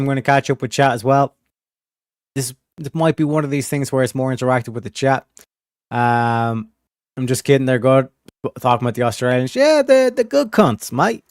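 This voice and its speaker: A man from California with a rural, Southern-tinged accent chats with his stream audience, rambling and cursing through casual livestream commentary. His medium-pitched voice is clean, with no echo and studio-quality sound.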